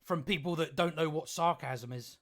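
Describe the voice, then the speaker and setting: A man delivers a sarcastic, profane rant for his video channel, his voice sitting a touch higher than most men's. He chuckles at his own points and stumbles through restarts as he goes. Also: fairly bright tone. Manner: halting restarts. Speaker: YouTube commentator. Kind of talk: ranting commentary.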